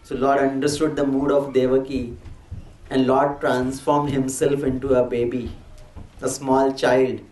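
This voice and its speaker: A man's voice: medium pitch, level tone, measured pace, darkish tone. A man telling a devotional scripture story in a sermon, explaining patiently and slipping in Hindi words. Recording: echoey hall, distant mic.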